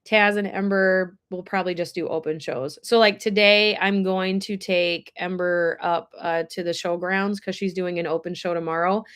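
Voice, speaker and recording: A woman's voice: fairly low pitch, fairly even intonation, normal speed, few pauses, a bit bright, smooth. Woman host, casual livestream chat, emotional and teary, talks to viewers by name. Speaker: horse ranch livestreamer. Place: indoors with air blowing.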